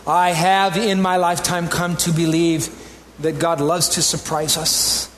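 Animated man preaching a sermon. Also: fairly high pitch, unhurried, a little hiss or hum. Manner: animated, rising to emphatic peaks; conversational asides to the congregation. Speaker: pastor.

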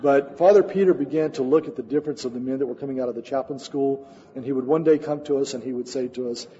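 Fast-talking preacher man in echoing hall. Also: medium pitch, warm tone, a little hiss or hum. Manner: earnest storytelling with frequent uh fillers. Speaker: missionary speaker. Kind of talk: sermon testimony. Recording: dull sound with long hall reverb.

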